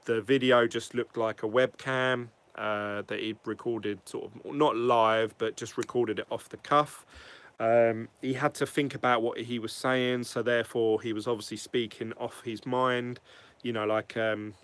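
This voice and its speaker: A man giving a casual, rambling opinion vlog, blunt and quick to swear. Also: medium pitch, flat delivery, fairly bright tone, clear, resonant tone. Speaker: crypto vlogger.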